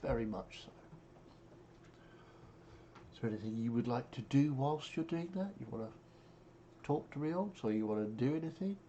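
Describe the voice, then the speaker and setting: A man, narrating as game master in a relaxed, descriptive way. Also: mid-range voice, normal speed, pauses often, lo-fi sound.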